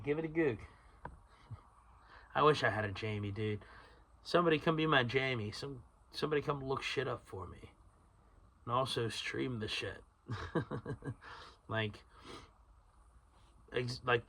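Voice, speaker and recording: A man's voice: medium pitch, a bit bright. A man hosting a solo podcast, rambling through tangents, swearing freely and laughing at himself. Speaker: podcast host.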